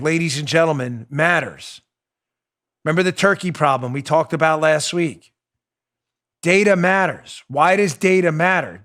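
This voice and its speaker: Emphatic talk show host, fairly high voice. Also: male voice, fairly bright tone. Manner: emphatic, repeats points for stress; heated, sarcastic. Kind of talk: opinionated political monologue.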